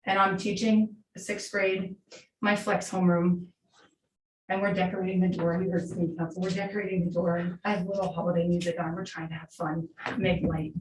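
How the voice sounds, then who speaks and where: A woman in her forties, a middle school teacher, speaking earnestly and from the heart during public comment at a school board meeting. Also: on the low side. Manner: earnest, heartfelt, unscripted storytelling. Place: large meeting room. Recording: echoey room, distant mic, faint hiss.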